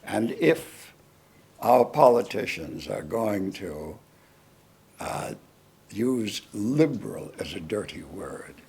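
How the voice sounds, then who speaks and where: A man, a guest lecturer, answering audience questions in a lecture hall in a deliberate, wry manner. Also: on the low side, sing-song, gravelly, darkish tone, slightly rough.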